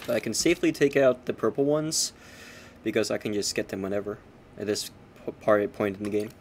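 Chatty low-voiced male streamer. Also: steady tone, a little fast, a little hiss or hum. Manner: chatty, swearing, self-mocking. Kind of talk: casual gameplay commentary.

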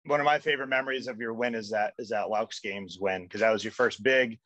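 A man, likely a coach, adding thoughtful, measured remarks to a casual interview. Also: on the low side, a bit bright, no echo. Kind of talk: casual conversation.

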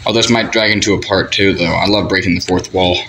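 A man's voice: deep voice, fairly even intonation, a little fast, fairly bright tone, echoey room, slight background noise, poor audio. A man performing a homemade puppet drama, chatty and rambling, who often breaks the fourth wall. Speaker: puppeteer voicing all characters.

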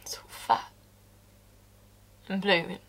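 A woman's voice: slow, a bit bright. An actress performing a stage monologue as a blunt, working-class woman who confesses to a killing, swearing and dropping into whispers.

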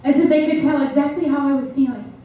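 A young woman, a mother, performing a confessional one-woman stage monologue that moves from exasperated to hushed and tender. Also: sits high, fairly even intonation, fast talker. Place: stage or hall. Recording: echoey and from far off.

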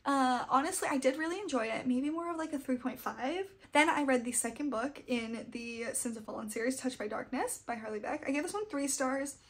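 A woman's voice: high-pitched, a little fast, hardly any pauses. A young adult woman chatting casually about books she read, gushing and fangirly. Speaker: book vlogger. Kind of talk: casual book wrap-up chat.

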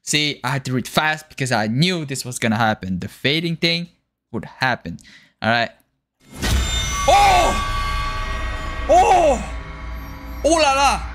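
A man's voice: mid-range voice, expressive, moderate pace, sharp tone, faint music behind. A man giving horror game commentary, jumpy and panicky but joking and talking to himself as he plays. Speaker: gaming streamer.

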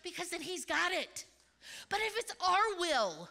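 A woman's voice: extremely high pitch, a little slow, vocal fry. A woman speaking at a conference, telling stories in a sermon and acting out the voices of the people she quotes. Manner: animated storyteller, acts out quoted voices. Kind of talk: sermon with storytelling. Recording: large hall reverb.

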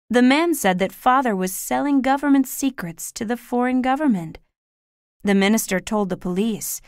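A man voicing a gentle, sad mother in an audiobook reading, with a soft, tender manner. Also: high-pitched, clear, resonant tone, no echo, studio quality, voice pushed up.

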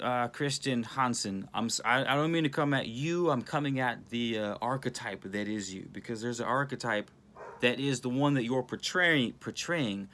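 A man talks straight into his phone camera, excitable and rambling as he works through a viewer's comment. He restarts sentences constantly and drifts off on tangents. His pitch sits right in the middle for a man. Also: slight background noise. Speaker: channel host. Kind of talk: casual spiritual talk filmed on phone.

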